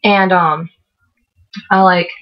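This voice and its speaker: A woman's voice: lowish voice, steady tone, slow. A teenage girl telling a concert story in casual vlog chat, rambling and swearing with lots of "like". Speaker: vlogger. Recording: dull lo-fi webcam audio.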